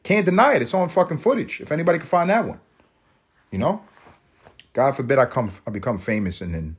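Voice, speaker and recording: A man from a Puerto Rican family, hosting a solo podcast and riffing in a profane, rambling way, laughing at his own jokes. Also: breathy edge. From Puerto Rican family, raised in US projects. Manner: jumps to high excited pitch for emphasis. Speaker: podcast host. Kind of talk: solo comedic monologue.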